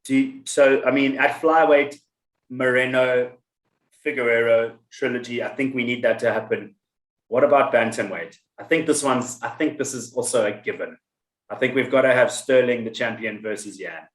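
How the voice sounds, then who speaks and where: A man's voice: medium pitch, moderate pace. South african guy hosting a chat podcast, playful, bit of room echo. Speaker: podcast host. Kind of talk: casual chat.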